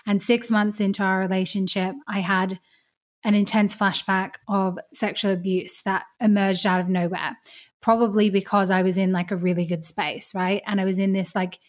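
A woman's voice: medium pitch, little pitch movement, normal speed. A woman guest on a podcast, sharing her experience in an open, reflective and casual way. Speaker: podcast guest, business owner. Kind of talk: casual interview chat.

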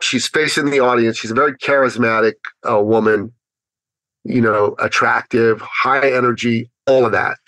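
A man telling a personal story as a guest on an interview podcast, acting out his own thoughts with animated pitch. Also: dry recording, poor audio. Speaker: podcast guest, business speaker.

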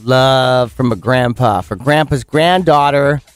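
A man's voice: medium pitch, slow, clean tone, dry recording, soft background music. A man co-hosting a radio show, telling stories in casual, laughing banter. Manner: chatty storytelling, laughs often. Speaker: radio co-host.

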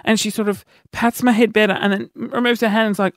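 A man hosting a podcast, telling self-mocking stories in an animated way. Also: brisk, hardly any pauses, no echo, some chatter behind. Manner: animated, self-mocking, jumps into shrill yelps when acting out panic. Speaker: podcast host. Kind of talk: casual storytelling monologue.

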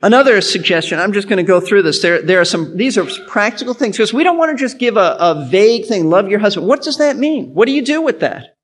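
A man's voice: sits high, sing-song, brisk. A male pastor giving an earnest sermon, teaching in an instructive way and repeating his key points.

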